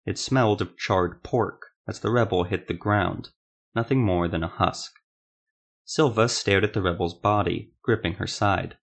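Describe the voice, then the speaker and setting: A man reading fantasy audiobook narration in a measured, dramatic way. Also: sits low, creaky.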